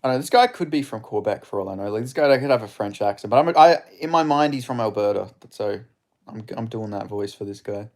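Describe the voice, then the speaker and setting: A man streaming live fight commentary, excitable and swearing, chatting with his viewers between rounds. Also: on the low side, fast talker.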